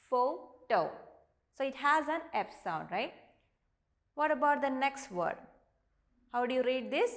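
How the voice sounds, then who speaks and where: Slow, deliberate woman teacher, Indian English. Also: a little high. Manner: slow, deliberate, models each word aloud. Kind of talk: online classroom lesson.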